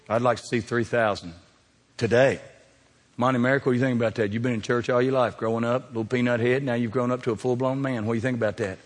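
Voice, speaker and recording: A man's voice: mid-range voice, long reverb tail. A man preaching a sermon in a church sanctuary, folksy and dramatic, talking straight to the congregation.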